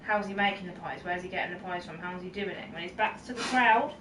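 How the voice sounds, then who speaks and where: A woman's voice: fairly low pitch, quick pace. A woman taking part as a player in a casual home tabletop game, talking through her plans aloud. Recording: roomy, distant, noisy home recording.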